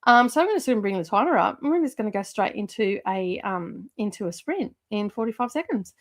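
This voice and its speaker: A woman's voice: medium pitch, expressive, a little fast. Chatty woman hosting a livestream. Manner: chatty and rambling, with frequent fillers and laughs. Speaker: livestream host. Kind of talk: casual livestream chat.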